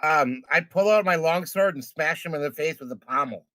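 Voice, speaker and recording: A man's voice: on the high side, normal speed, bright, forceful tone, no echo. A man chatting playfully as a player in a tabletop game. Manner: playful, joking. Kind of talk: casual tabletop game chat.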